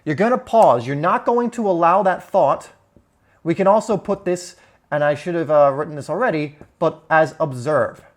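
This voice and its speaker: A man's voice: a little high, normal speed. A young man teaching at a whiteboard in an earnest, conversational way, with shifting emphasis. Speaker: self-help coach.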